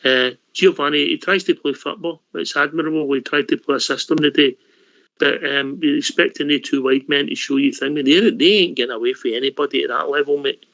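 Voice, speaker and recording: A man's voice: fairly high pitch, fairly even intonation, brisk, creaky, fairly bright tone, no room sound. A man hosting a radio phone-in, chatty and blunt, calling everyone mate. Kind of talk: casual phone-in chat. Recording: dry, dull lo-fi.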